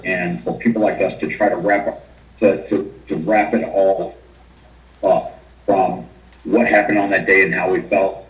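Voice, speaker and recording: A man, a firefighter recounting his memories in an interview, halting and choked up with emotion. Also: sits low, fairly bright tone. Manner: halting, many restarts and fillers. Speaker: retired firefighter guest. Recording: roomy, dull video-call audio.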